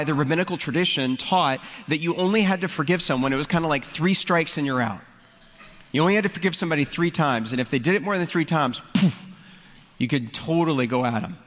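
A man gives a sermon in a relaxed, conversational way, explaining a Bible passage with casual asides. His voice sits a little high for a man. It echoes with the long reverb of a large hall. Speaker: pastor.

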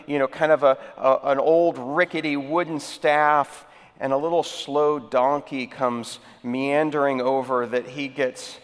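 A man's voice: mid-range voice, smooth, long reverb tail. A man preaching a sermon as pastor, telling a joke story and then explaining in a conversational, emphatic way.

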